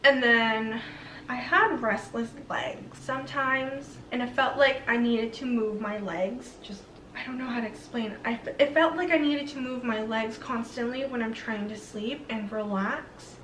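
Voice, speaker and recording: A woman's voice: a little high, a little slow, a bit bright, slight background noise. A young woman vlogger chatting casually to camera, rambling with lots of fillers. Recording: roomy, slightly distant mic.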